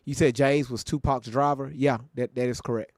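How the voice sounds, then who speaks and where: A man's voice: mid-range voice, steady tone, moderate pace, darkish tone, no room sound, studio quality. Casual male stream host reacting. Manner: talks to his viewers, emphatic and informal. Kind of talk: casual live-stream commentary.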